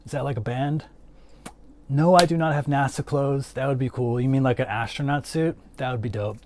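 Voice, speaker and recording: A man's voice: medium pitch, moderate pace, a little mellow, slight background noise. A man chatting casually as a livestream host, rambling with lots of "like" fillers and answering his chat.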